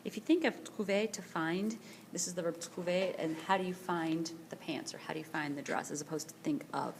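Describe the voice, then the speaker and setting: Woman teacher drilling vocabulary slowly. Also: on the low side, slight background noise. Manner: slow, careful, repeats each word for pronunciation drill. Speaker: French teacher. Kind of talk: screencast vocabulary lesson. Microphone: tablet screencast voice-over.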